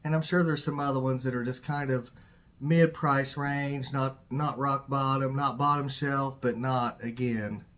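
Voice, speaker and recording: A man hosting a casual barbecue cooking vlog, relaxed and chatty, thinking aloud with plenty of fillers. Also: mid-range voice, unhurried. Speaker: barbecue channel host.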